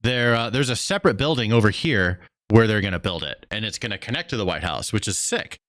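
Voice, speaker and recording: A young adult man hosting a casual stream, reacting to clips in a slangy, excitable way with plenty of swearing. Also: fairly low pitch, a little fast, no room sound, studio quality. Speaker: streamer host. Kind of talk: casual political commentary stream.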